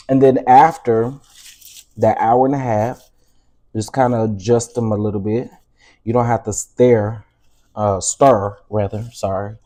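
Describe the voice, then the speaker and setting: A man with a Southern American accent talks through a recipe in his home kitchen. His voice sits at a middle pitch with a mellow, warm tone. He is chatty and familiar, calling the viewers "baby" and "y'all". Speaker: cooking show host. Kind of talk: casual cooking livestream.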